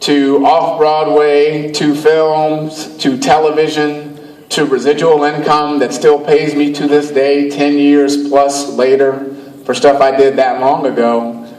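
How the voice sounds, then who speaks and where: A man's voice: a little high, level tone, slow, a little mellow. A man from Cleveland, Ohio giving a motivational speech to an audience, emphatic and storytelling, repeating his phrases. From Cleveland, Ohio, USA. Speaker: motivational speaker. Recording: echoey, far from the mic.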